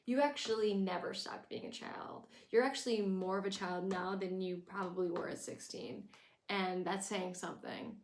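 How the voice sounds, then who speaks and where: A young woman giving a casual, opinionated recap, sarcastic and blunt, her speech full of "like". Her voice sits at an ordinary middle pitch. The room around her adds a noticeable echo. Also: fairly even intonation, normal speed, slight background noise. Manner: sarcastic, blunt, heavy use of "like". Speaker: YouTuber recapping a TV show.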